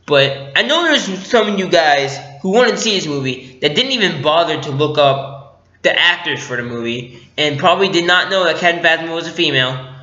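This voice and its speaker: A man riffs through a casual movie review, joking, giggling and playing out scenes. His voice is bright and slightly high. The audio is dull and lo-fi, with a roomy echo. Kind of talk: casual spoiler review vlog.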